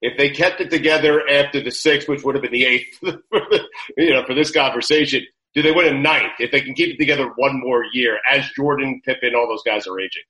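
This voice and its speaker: A man hosts a podcast and chats casually with his guest, eagerly asking leading questions. His voice is bright and forceful. He sounds like he is in a small, echoey studio room. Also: medium pitch, brisk. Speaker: podcast host. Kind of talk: casual interview chat. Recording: roomy echo.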